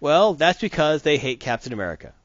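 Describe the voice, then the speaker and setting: A man's voice: fairly high pitch, fairly quick, no room sound. Man, comic reviewer, casual podcast chat, opinionated, dry close sound. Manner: animated, rambling, opinionated. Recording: dull dry lo-fi recording.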